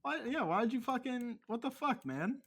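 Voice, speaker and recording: Crude, swearing podcast host. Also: male voice, extremely high pitch, lively intonation, normal speed, a bit bright, slightly rough. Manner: crude, mock-angry teasing with lots of swearing. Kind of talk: casual chat.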